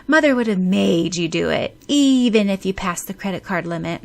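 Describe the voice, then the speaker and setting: A woman's voice: mid-range voice, expressive, normal speed, gravelly, a little mellow. A woman reading an audiobook, voicing a boisterous, teasing older sister.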